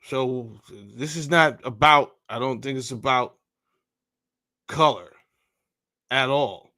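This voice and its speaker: A man's voice: medium pitch, slow pace, bright, forceful tone. A man hosts a podcast, talking through a bill in a loose, fired-up way. He is blunt and profane and keeps calling the listener bro. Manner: heated, blunt and profane, says bro a lot. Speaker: podcast host. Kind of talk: casual commentary reading a bill aloud.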